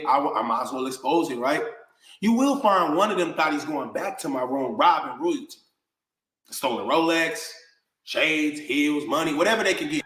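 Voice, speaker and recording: A man's voice: on the high side, a bit bright, reverberant, low-quality recording. A man delivering a heated, confrontational rant straight to camera, full of slang. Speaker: online personality.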